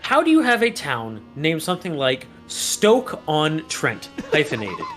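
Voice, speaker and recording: Animated teasing male commentator, music behind. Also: fairly high pitch, measured pace. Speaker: race commentator. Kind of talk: casual live-stream banter.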